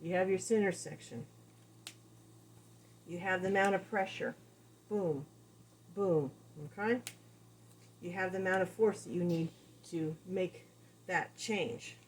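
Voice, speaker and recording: A woman dog trainer giving a casual lesson, animated and repeating key phrases as she acts out examples. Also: on the low side, measured pace, long pauses, slight background noise. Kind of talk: casual teaching talk.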